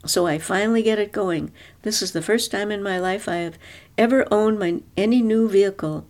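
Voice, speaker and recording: A woman voicing a bold, sharp-tongued woman who snaps orders and turns lilting and mock-innocent when she needs to. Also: mid-range voice, moderate pace, close to an everyday voice. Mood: mock-sweet.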